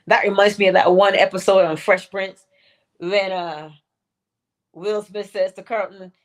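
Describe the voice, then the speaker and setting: A woman's voice: mid-range voice, steady tone, unhurried. A woman hosting a spiritual morning livestream talk, playful and laughing often as she acts out little quotes.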